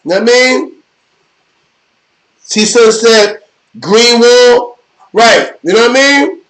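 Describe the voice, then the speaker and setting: A middle-aged man tells a long jail story on his live stream. His voice sits high for a man, and he rambles with loose street slang, often checking in with "you know what I mean." He sounds relaxed and unscripted. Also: a little slow, poor audio. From New York. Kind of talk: casual storytelling.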